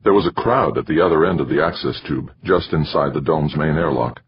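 A man narrating an audiobook in a steady, measured reading. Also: rumbling low, slight background noise. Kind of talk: scripted narration. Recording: dry, slightly muffled recording.

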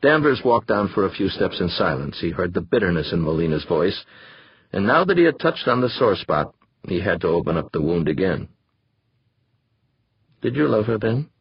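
Husky low-voiced male narrator. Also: very animated, brisk, no echo. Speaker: audiobook narrator. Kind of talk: scripted narration. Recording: dull dry recording.

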